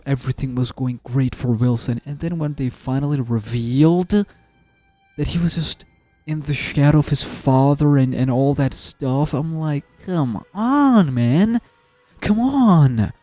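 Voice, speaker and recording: Male gaming commentator, casual and joking, warm mellow voice, dry close sound. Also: mid-range voice, no room sound. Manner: animated, joking, restarts often and stumbles over words. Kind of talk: casual tier-list commentary.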